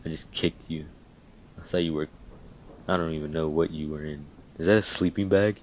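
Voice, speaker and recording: A man voicing a stoic, unbothered teenage boy hero in a fan-made story, speaking flat and calm. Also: rumbling low, moderate pace, a little hiss or hum. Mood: deadpan.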